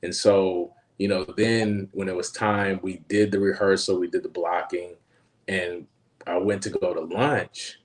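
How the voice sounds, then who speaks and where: A male actor with a very low voice shares stories on a casual panel. He talks in a lively way, acting out quotes and laughing as he goes. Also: a little slow. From Los Angeles. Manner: animated anecdotes, acts out quotes; frequent fillers, laughs while telling stories.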